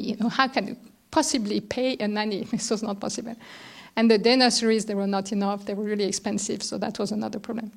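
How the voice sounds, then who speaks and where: Middle-aged woman panelist, conversational, a little high-pitched. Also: creaky. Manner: conversational, thoughtful, with restarts. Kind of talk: round-table talk. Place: lecture room.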